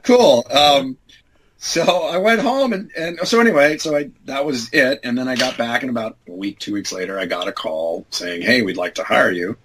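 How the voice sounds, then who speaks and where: A man in his fifties, a guest telling a long story in a relaxed, rambling way, acting out what people said with sudden high-pitched voices. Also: moderate pace, a little hiss or hum, poor audio. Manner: acts out quoted dialogue with big jumps in pitch; rambling, self-correcting, many fillers. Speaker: interview guest. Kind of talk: casual anecdotal storytelling.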